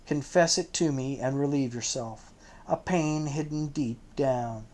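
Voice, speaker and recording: A man reading an audiobook, voicing a gentle, troubled older rabbi who speaks in a tender, coaxing way. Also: medium pitch, measured pace, lightly acted.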